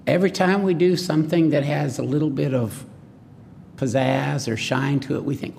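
A man's voice: a little high, moderate pace, gravelly, a little mellow, in a large hall, a little hiss or hum. A man preaching a sermon in a folksy way, often asking the congregation questions.

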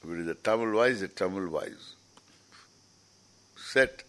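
Slow-speaking man lecturing. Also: sits low, fairly bright tone. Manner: rambling, explanatory, with frequent restarts. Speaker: teacher at a scripture camp. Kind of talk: informal lecture.

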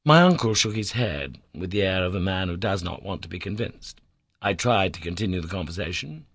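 Guy reading an old adventure novel, lowish voice, dead dry close mic. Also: expressive, fairly bright tone, dry recording. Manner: measured storytelling, lifts pitch and volume for emphasis. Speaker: audiobook narrator. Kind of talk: scripted narration of a classic novel.

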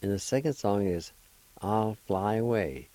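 A man hosting a radio language lesson, spelling out words letter by letter and repeating each pronunciation slowly and deliberately. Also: fairly low pitch, dark tone, no room sound, low-quality recording. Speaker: radio host teaching vocabulary.

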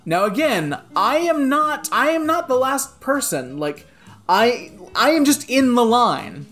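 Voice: mid-range voice, measured pace. A podcast co-host telling a rant story in casual chat, swearing often and saying "like" constantly, over faint guitar music. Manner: profane, animated, peppered with "like".

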